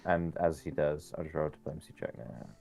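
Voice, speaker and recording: A man's voice: very deep voice, little pitch movement, quick pace, gravelly, darkish tone, a little hiss or hum. A man playing in a tabletop game, asking about his rolls in a casual, hesitant way. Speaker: player.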